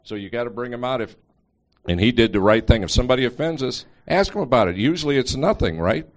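A man's voice: mid-range voice, animated, fast talker. A man in a church group telling a story in a plain, matter-of-fact way. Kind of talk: casual storytelling.

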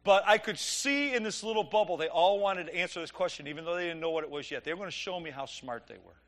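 A middle-aged man preaching, telling an animated, joking story and acting out the dialogue. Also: sits high, quick pace. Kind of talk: sermon storytelling.

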